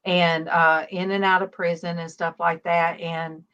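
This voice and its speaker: A middle-aged woman leads a casual online prayer chat, speaking slowly in a lowish voice. She hesitates and fills gaps with "um" while she gathers her thoughts. Her call audio comes through muffled. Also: level tone, fairly bright tone, clean tone. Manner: halting, many pauses and "um"s. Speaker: online ministry panel host.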